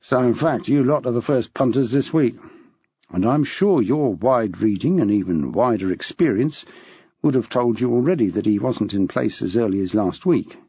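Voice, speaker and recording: A man voicing a dry, measured male police detective. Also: mid-range voice, dark tone, breathy edge, dry recording. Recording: dull, dry.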